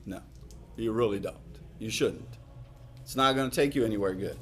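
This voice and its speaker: A middle-aged man preaching a sermon in a conversational way, repeating key lines for emphasis and dropping to quiet asides. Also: on the low side, normal speed, a little hiss or hum. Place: church hall.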